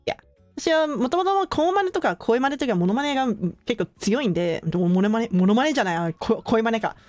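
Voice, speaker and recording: A young woman streamer chatting casually with her viewers, relaxed and full of filler words, often laughing between thoughts. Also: fairly high pitch, racing, no room sound, soft background music. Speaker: streamer hosting her own channel.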